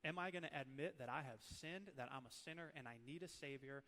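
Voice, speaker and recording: A man in his thirties, a preacher from Minnesota, teaching with animated, emotional personal stories. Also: fairly high pitch, quick pace, big-room sound.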